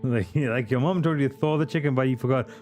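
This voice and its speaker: A man's voice: medium pitch, fast talker, darkish tone, soft background music. A man from Britain, streaming a video game with casual, jokey and profane commentary to his chat.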